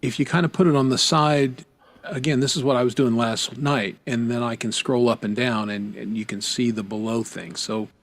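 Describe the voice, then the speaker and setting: A man's voice: mid-range voice, fairly even intonation, moderate pace. A man co-hosting a casual live-stream chat over a video call, jokey and teasing, now and then breaking into song.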